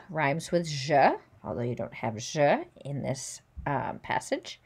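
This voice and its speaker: A woman teacher giving a careful pronunciation lesson in an unhurried, low voice with a gravelly edge. She draws out each French word, pausing before she explains how it should sound. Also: very animated, darkish tone. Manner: sounds out French words slowly and clearly, then explains them. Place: recording at home or in a classroom with a virtual whiteboard.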